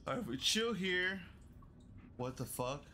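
A man's voice: high voice, lively intonation, unhurried, pushed and bright, slight background noise. A young man streaming a horror game live, reacting with panicky, swearing exclamations. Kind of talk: live horror gameplay commentary.

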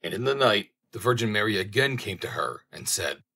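Low, husky male storyteller. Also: lively intonation, sharp tone. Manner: measured storytelling reading. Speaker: audiobook narrator. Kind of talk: scripted fairy-tale narration. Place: home recording.

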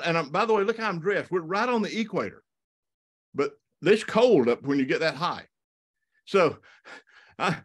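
Southern man, slightly high voice, folksy presenter who tells stories and stumbles over his words for a live audience. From South Alabama and North Florida. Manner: folksy, animated, many restarts and repeated words. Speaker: wildlife photographer giving a talk. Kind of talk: storytelling slide presentation.

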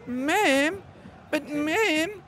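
A man's voice: extremely high pitch, drawn-out words, bright, forceful tone, slight background noise, voice pushed up, exaggerated voice. A man voicing a bratty, whiny cartoon boy as a comedic impression on a stream.

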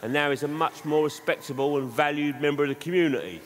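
A man's voice: fairly high pitch, fast. A man, a comedian, performing live stand-up, telling rambling anecdotes in a conversational way. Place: live theatre stage. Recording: reverberant live hall with noise.

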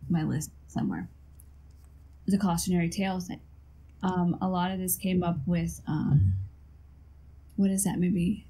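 A woman's voice: lowish voice, steady tone, measured pace, pauses often, dark tone, slightly rough, rough recording. A woman co-hosting a casual podcast chat, telling stories in a rambling way with lots of ums. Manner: rambling storyteller, many ums. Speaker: podcast co-host.

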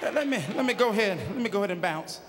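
A man preaching a sermon in a church, shouting emphatically and joking in plain colloquial speech. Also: high voice, expressive, rapid-fire, crowd noise, noisy background. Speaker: pastor. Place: large church sanctuary with a congregation. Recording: live church sermon with long hall reverb.

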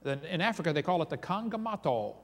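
A man's voice: on the high side, quick pace. A man giving a creation seminar as a lecture full of dramatic storytelling, reading eyewitness accounts aloud with emphasis. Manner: animated, reads eyewitness quotes aloud with emphasis. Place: large hall or church. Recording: long reverb from a hall.

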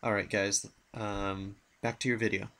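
A man's voice: on the low side, flat delivery, moderate pace, a bit bright. A young man rambling casually as he comments on his own gameplay. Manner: rambling, mumbling, playful asides. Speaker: gaming channel host.

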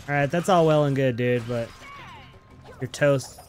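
A man's voice: mid-range voice, moderate pace, long pauses, darkish tone, soft background music. A man hosting a gaming channel, giving upbeat, chatty let's-play commentary and talking playfully to his viewers.

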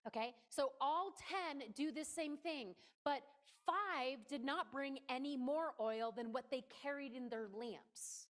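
A woman delivers a sermon in a church in a relaxed, conversational way. Her voice sits a little high, and she is playful and emphatic, often turning aside to address her listeners directly. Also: unhurried, hardly any pauses. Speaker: preacher.

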